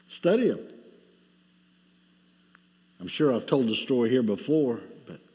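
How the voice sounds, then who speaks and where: A man's voice: lowish voice, darkish tone, big-room sound. A middle-aged man preaching a sermon, asking rhetorical questions and telling a story with rising and falling intensity.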